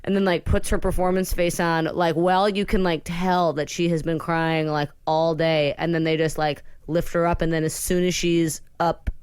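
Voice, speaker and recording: A woman co-hosting a podcast, her lowish voice smooth and clear. She rambles through long stories, piling on "like" and side comments. The studio sound is dry and close. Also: little pitch movement, darkish tone, no echo. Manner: rambling storyteller, many "like"s, quick asides. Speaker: podcast co-host. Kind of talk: casual chat.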